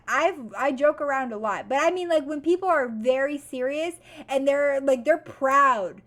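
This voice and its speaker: A young woman vlogger giving a motivational talk, blunt and profane, swinging from calm advice to loud venting. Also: high voice.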